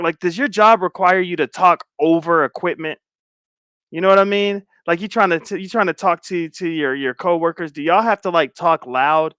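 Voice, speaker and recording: A man's voice: high voice, moderate pace, bright, forceful tone, no echo, clean studio sound. A middle-aged man hosting a livestream, chatting casually with viewers in a playful, teasing way and laughing often. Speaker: livestream host. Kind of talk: casual chat reading viewer comments.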